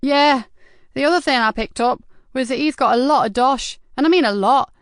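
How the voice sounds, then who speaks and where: A woman's voice: high-pitched, moderate pace, clean tone, dry recording, clean studio sound, voice pushed up, lightly acted. A woman voicing a cheeky streetwise teen boy. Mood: confiding. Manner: slangy, eager, confiding.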